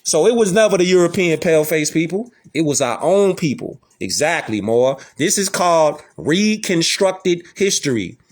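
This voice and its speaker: Showing images during a casual lecture, this male host talks at a normal speed with few pauses, his fairly high voice swinging widely in pitch. His delivery is emphatic, full of street slang and repeated rhetorical questions.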